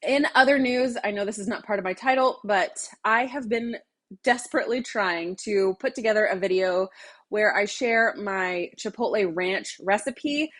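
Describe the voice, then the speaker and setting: A woman's voice: medium pitch, normal speed, a bit bright. Chatty woman rambling in her kitchen. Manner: rambling, talkative, self-interrupting with fillers. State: a little out of breath. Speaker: cooking vlogger. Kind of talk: casual chatty kitchen vlog. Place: large home kitchen.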